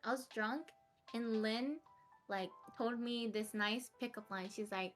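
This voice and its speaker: Brief: young woman guest, slow easygoing delivery, chatty, quick to laugh. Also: on the high side, soft background music. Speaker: streamer guest. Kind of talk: casual interview chat.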